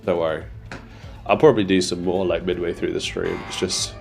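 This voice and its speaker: Low gravelly stuffed-up streamer guy, joking and swearing, loud music under him. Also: a little fast. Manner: joking, swears, bursts of excited shouting. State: congested nose from a cold. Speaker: livestreaming gamer. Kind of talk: casual live gameplay chat.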